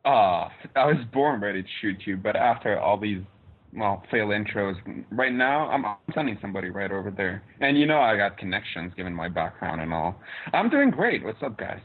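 A man's voice: lowish voice, brisk. A man joining a podcast by phone, talking through a game with frequent hesitations. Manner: hesitant, lots of ums and restarts. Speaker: podcast guest. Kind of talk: casual podcast chat. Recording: tinny phone line.

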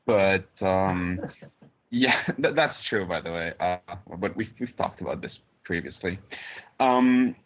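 Calling into a podcast over a tinny phone line, a man talks through a game in a casual chat, hesitating often with many ums and restarts. His voice sits low and slow, with soft music in the background.

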